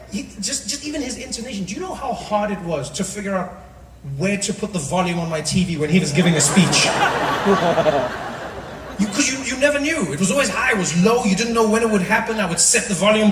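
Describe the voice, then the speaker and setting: A man's voice: high-pitched, a little fast, a bit bright, a little hiss or hum. A man performing live stand-up comedy on an arena stage, talking conversationally and building repetitive riffs. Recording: distant roomy arena audio with roaring crowd.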